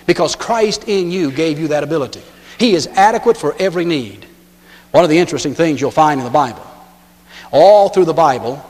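A man with a high voice preaches a sermon. His words ring out with a long hall reverb. He tells stories and punches some lines out loud. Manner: storytelling, acts out lines with sudden loud shifts. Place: church.

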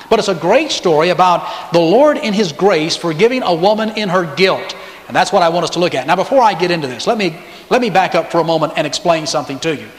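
A high-voiced man delivers a sermon, telling the story and acting out the people he quotes. His voice rings through an echoing hall with a long reverb tail. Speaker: pastor.

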